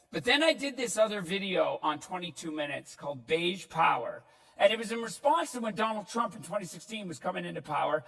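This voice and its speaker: A male comedian from Newfoundland giving a jokey, animated stand-up style keynote to a live audience, with bursts of shouting. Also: high voice, vocal fry. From Newfoundland, Canada. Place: large hall. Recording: echoey hall, mic far off.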